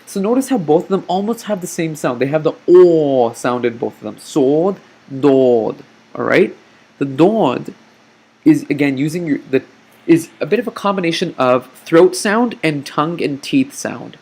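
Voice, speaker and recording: A man teaching a recorded lesson over slides, patient and slow, often checking in with "okay?". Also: fairly high pitch, expressive, a little mellow, slightly rough. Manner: patient, explains slowly, frequent "okay?" check-ins.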